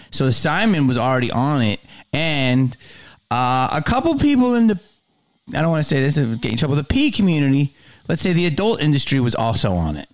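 Animated, excitable male podcast host. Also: medium pitch, smooth. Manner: excitable, animated, loose and joking. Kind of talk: casual interview chat.

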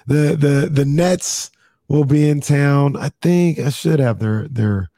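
A man's voice: on the high side, slow, mellow, no room sound, studio quality. A man co-hosting a sports talk show, easygoing and analytical, who laughs often. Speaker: sports radio co-host.

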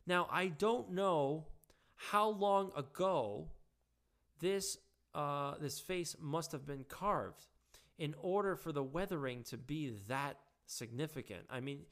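A man talks through a casual monologue in a somewhat high voice. He is hoarse, his voice close to giving out, and he stumbles and restarts his sentences often. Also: fairly bright tone. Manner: halting, with frequent restarts and fillers.

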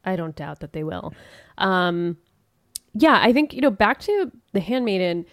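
A woman hosting a casual recap podcast, retelling scenes in an animated way and acting out the quotes. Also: medium pitch, measured pace, dry recording, clean studio sound. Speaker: podcast host.

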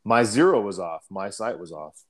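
Young adult man, lowish voice, casual profane storyteller, throat-clearing habit. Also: expressive, normal speed. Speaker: guest telling a war story.

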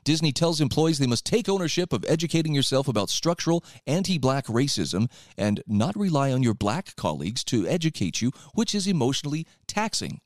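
A man's voice: mid-range voice, big pitch swings, brisk, hardly any pauses, no echo, clean studio sound. A man hosting a talk radio show, reading out and commenting on articles in a sarcastic, opinionated way.

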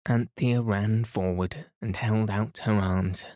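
Slow, mellow man reading a bedtime story. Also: on the low side, dry recording, studio quality. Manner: slow, soothing, even. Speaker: sleep podcast narrator.

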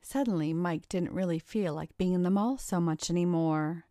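A woman narrating an erotic story in a smooth, measured storytelling manner into a close microphone. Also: fairly low pitch, warm tone, no room sound.

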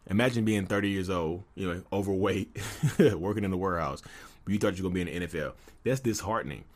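Candid man in his thirties, low voice. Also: quick pace. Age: 30s. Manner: candid, conversational, many fillers like "you know". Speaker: podcast host. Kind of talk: personal storytelling monologue.

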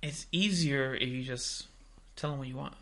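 A young man chatting on a podcast in a relaxed, teasing way. His voice is gravelly with a bright tone, and he retells messages in a loose, easy style. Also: mid-range voice, moderate pace. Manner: laid-back, teasing, quoting texts aloud. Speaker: podcast co-host. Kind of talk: casual chat.

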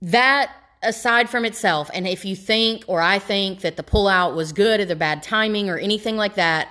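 A woman's voice: medium pitch, normal speed, pushed and bright. A young adult woman co-hosting a podcast, talking casually in a rambling, self-interrupting way and laughing often. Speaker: podcast co-host. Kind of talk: casual chat.

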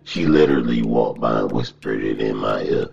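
A man with an extremely low, gravelly voice talks through a casual podcast monologue. He tells stories in an animated, profane way and breaks into laughter. The sound is a little muffled, with faint music underneath. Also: normal speed. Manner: animated storytelling, frequent cursing and laughter.

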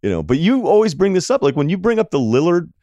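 Low-voiced guy on a sports pod, super animated, dry studio sound. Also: fast, dry recording. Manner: animated storyteller, acts out quotes. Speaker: podcast guest. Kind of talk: casual sports chat.

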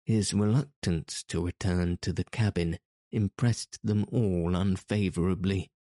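A man narrates a story in a deep, dark, mellow voice. He reads slowly and steadily, with very little rise and fall. The sound is close and dry. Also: no echo. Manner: measured, even storytelling. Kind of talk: audiobook narration.

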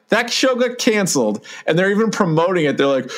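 Man, slightly high voice, exasperated, casual podcast chat, mimics quotes. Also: quick pace, few pauses. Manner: exasperated, acts out quotes with pitch jumps. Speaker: podcast co-host.

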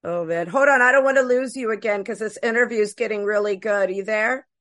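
A woman hosting a casual interview, warmly praising her guest and laughing often. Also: mid-range voice, quick pace. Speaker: podcast host.

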